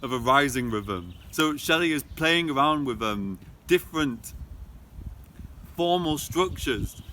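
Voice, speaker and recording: A man talks through a poem for a revision lesson, speaking off the cuff, restarting sentences and tapping out rhythms aloud. His voice is bright and forward. Faint traffic hums in the background. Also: mid-range voice, expressive, a little slow. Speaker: literature tutor. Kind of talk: casual spoken revision lesson. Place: indoors, filmed talking to camera. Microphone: camera mic.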